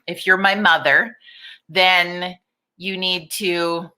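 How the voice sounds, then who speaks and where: A middle-aged woman hosts a casual live stream in a bright, forceful voice that sits a little low. She talks candidly, swears without holding back and greets viewers one by one. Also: steady tone, takes it slowly, smooth. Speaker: livestream host.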